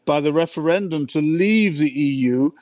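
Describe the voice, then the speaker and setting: A man's voice: fairly high pitch, normal speed, darkish tone, no echo, dull audio. A man talking with a radio host, explaining an upcoming event, fluent with a few restarts. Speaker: event organiser, guest. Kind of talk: casual radio interview chat.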